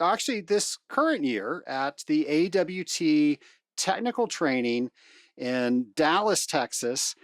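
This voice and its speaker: Upbeat podcast host with lively pitch. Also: female voice, no room sound, clean studio sound. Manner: upbeat, playful, swings in pitch. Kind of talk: energetic podcast interview.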